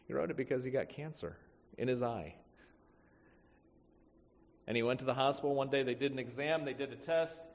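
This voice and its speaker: A man preaching a sermon, emphatic, swinging between loud stresses and quiet asides. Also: on the high side. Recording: muffled sound with long hall reverb.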